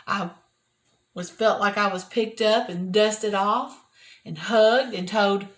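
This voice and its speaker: An older woman, sharing a personal devotional talk from her office in an earnest, repetitive, often soft-spoken way. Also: mid-range voice, takes it slowly. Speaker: Christian video host. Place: private office at work.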